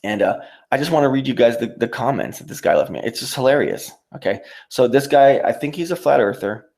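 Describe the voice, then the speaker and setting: A man's voice: mid-range voice, lively intonation, fairly quick, vocal fry, a little mellow. A man hosting his own livestream, ranting in a profane, mocking, rambling way. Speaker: YouTube livestreamer. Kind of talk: casual livestream rant.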